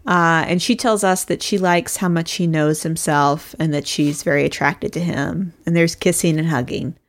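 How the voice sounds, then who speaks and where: A woman's voice: low voice, fairly even intonation, normal speed. A woman co-hosting a podcast, recapping a reality show in casual chat, laughing often and quoting people in put-on voices. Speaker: podcast co-host.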